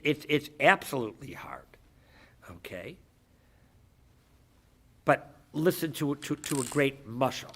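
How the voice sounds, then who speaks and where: A man giving a rabbi's lecture, telling stories and acting out the characters, with frequent restarts and sudden shouts. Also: a little high. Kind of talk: animated storytelling lecture.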